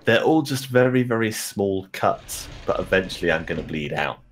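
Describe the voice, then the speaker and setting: Man, low and lively, teasing stream banter. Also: moderate pace, slight background noise. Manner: self-mocking, playful banter. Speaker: stream co-host. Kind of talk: casual game stream commentary.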